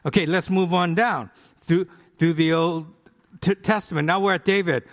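Middle aged pastor from the us chatting thru a sermon, bit high voice, long hall echo. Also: male voice, steady tone, normal speed. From United States. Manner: conversational, asks the congregation questions. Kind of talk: sermon with live demonstration.

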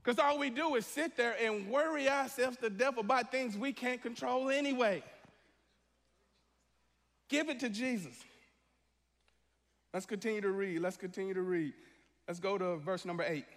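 Male pastor preaching, high voice, long church reverb; lively, shifts to a hushed voice for acted prayers. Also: normal speed, pauses often. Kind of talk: sermon. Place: church sanctuary.

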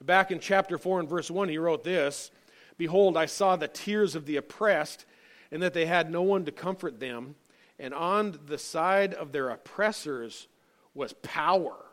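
A man's voice: a little high, measured pace, a bit bright. A male pastor giving an earnest sermon, reading scripture and building to emphatic points with frequent fillers.

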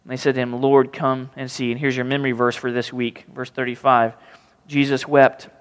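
A man's voice: medium pitch, a little fast, clear, resonant tone, big-room sound. A man preaching a sermon, reading scripture and acting out the pleading voices of the people in it. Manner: animated, acts out pleading voices. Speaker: pastor.

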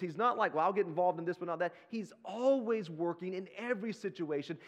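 A man preaching a sermon as pastor, animated and conversational, talking straight to his listeners in casual slang. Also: high voice. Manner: slips into casual slang like "y'all".

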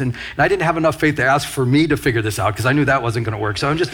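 Husky-voiced pastor preaching a sermon. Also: male voice, on the high side, rapid-fire, hardly any pauses, fairly bright tone. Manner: storytelling with quoted asides and laughter.

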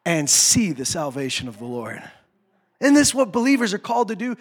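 High-voiced impassioned male preacher. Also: very animated, brisk, slightly rough. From North America. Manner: impassioned, swings from hushed to shouting; acts out quoted complaints in a low mocking voice. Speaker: pastor. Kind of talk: sermon.

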